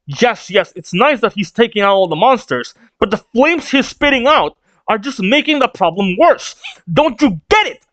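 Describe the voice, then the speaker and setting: A live manga reader voicing a bossy, scolding young woman navigator, pitched up and exasperated. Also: big pitch swings, a little slow, long pauses, fairly bright tone, dry recording, highs cut off.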